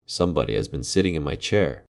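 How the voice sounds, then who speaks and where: A man voicing a great huge father bear with a rough, gruff voice, reading a storybook. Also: very deep voice, lively intonation, quick pace, darkish tone, heavily acted. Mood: grumbling.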